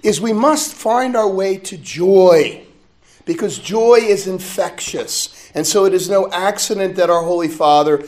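A man, a friar, preaching a sermon to a religious conference in an animated, conversational way, with asides to his listeners. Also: sits high. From United States.

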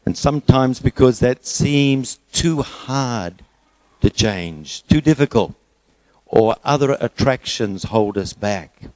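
A middle-aged man preaching a sermon, telling a joke story in a relaxed way before turning earnest. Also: mid-range voice, slow, no room sound, low-quality recording.

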